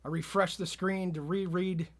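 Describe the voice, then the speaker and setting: Deadpan male podcast co-host, fairly high voice, straight-faced storyteller. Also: normal speed. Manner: deadpan, spins absurd tall tales with a straight face.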